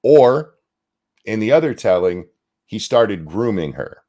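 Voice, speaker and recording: A man hosting a ranting commentary show, profane and indignant, talking in fast bursts. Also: fairly low pitch, sing-song, mellow.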